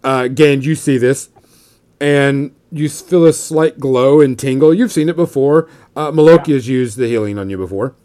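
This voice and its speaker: A man's voice: medium pitch, normal speed, warm tone. A man running a tabletop role-playing game as game master, narrating loosely with lots of fillers.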